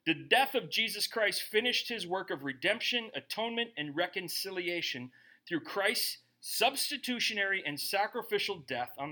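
A middle-aged male pastor preaching a sermon, emphatic and animated, often tagging points with rhetorical asides to the congregation. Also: high-pitched.

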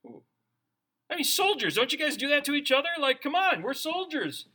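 Male preacher, conversational sermon delivery, high voice with a piercing brightness. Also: fairly quick. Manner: animated, conversational preaching with humor. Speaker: pastor.

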